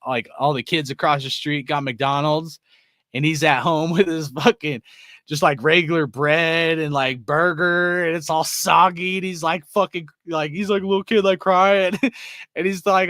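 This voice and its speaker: Young dude ranting casually, swears a lot, bright voice a bit high, dry sound. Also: male voice, no echo. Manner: profane, rambling, laughs often, says bro and dude. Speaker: sports fan show host. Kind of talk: casual rant to viewers.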